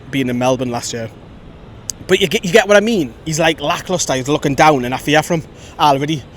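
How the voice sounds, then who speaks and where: Chatty football fan outdoors. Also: male voice. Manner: chatty, opinionated, lively storytelling. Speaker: fan channel host. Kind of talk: outdoor post-match fan reaction. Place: outdoors by a road after a match. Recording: faint traffic rumble outside.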